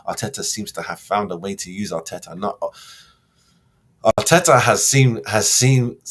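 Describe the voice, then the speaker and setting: Man, husky, rough voice, slangy, heated rant, host. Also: sits low, a bit bright. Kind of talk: reading a news article then ranting about football.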